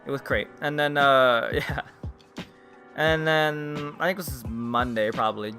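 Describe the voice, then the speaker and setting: A young man telling exasperated, laughing stories about his fast-food job in a casual vlog. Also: mid-range voice, bright, forceful tone, soft background music. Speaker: vlogger.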